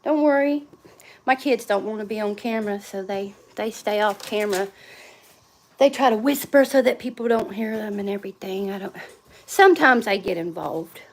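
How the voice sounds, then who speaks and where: A woman's voice: medium pitch, moderate pace, a little hiss or hum. A middle-aged woman, chatting rambly and laughing often as she films herself around her home and yard. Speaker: vlogger. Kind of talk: casual livestream chat. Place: home and yard, outdoors at times.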